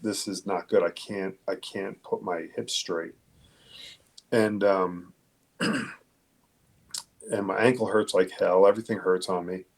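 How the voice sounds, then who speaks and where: A police detective telling a personal story in a halting, candid way, swearing casually. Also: male voice, low-pitched, steady tone, vocal fry. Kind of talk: conversational storytelling.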